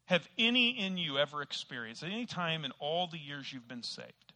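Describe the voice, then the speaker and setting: A middle-aged male preacher with a very bright, ringing voice. He tells a self-deprecating story in a folksy way, then breaks into sudden loud bursts before returning to his lesson. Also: on the high side, expressive, normal speed. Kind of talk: sermon with personal story.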